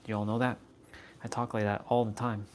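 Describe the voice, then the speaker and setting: A man's voice: fairly low pitch, flat delivery, fairly quick, a little hiss or hum. A man chatting casually on a phone live stream, goofy and joking, poking fun at himself. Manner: goofy, joking, self-mocking.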